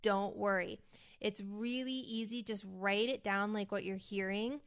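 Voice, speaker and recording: A woman hosting an acting podcast, casually explaining a vocal warm-up, sometimes loudly overemphasizing syllables to demonstrate. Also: medium pitch, steady tone, unhurried, clear, resonant tone. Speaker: podcast host and acting coach. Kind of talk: casual instructional podcast talk.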